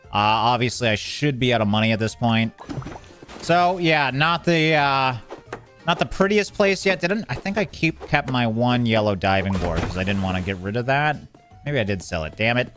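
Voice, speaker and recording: A man's voice: mid-range voice, lively intonation, normal speed, fairly bright tone, soft background music. A man giving casual, joking commentary while playing a game, often exasperated and talking to the game's characters. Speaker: gaming video creator.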